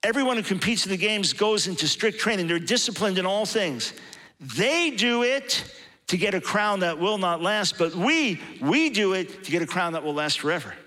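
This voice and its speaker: Bright, high-pitched impassioned male preacher. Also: animated, moderate pace. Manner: impassioned, building to emphatic peaks. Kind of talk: sermon.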